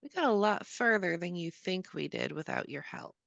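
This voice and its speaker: A woman in a tabletop game speaks earnestly about her character, her low voice gravelly with fry. Her tone is bright and forceful, and the recording is dry. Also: expressive, moderate pace, no echo, muffled recording. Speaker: player. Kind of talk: tabletop role-play.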